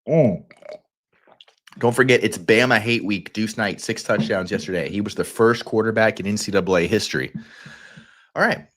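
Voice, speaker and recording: Southern male stream host, low-pitched, goofy and rambling, quick bursts of energy. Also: fairly bright tone. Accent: Southern American. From Kentucky. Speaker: fantasy football livestream host. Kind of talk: casual livestream talk.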